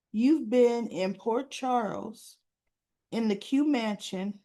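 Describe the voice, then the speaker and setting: A woman casually recapping soap opera scenes, acting out the characters' lines and talking back to them with animated indignation. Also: medium pitch.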